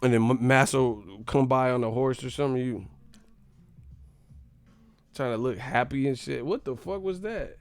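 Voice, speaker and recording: A young male stream host for boxing, with a gravelly voice and a dry, close sound, rambling and profane. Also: medium pitch, normal speed, pauses often, no echo. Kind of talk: live-stream commentary.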